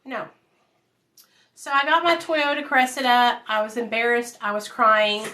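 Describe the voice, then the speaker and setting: A woman's voice: a little high, fairly even intonation, a little slow, pushed and bright. A woman, casually telling her life story to viewers at home, calling them y'all. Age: 30s. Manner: chatty, addresses viewers as y'all and you guys.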